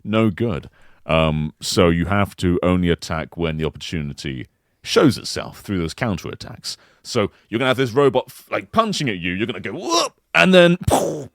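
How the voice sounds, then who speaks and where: A man co-hosting a podcast in casual chat, pitching an imagined game console like an animated storyteller. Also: moderate pace, no echo, studio quality. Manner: animated storyteller who slips into silly voices. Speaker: podcast co-host.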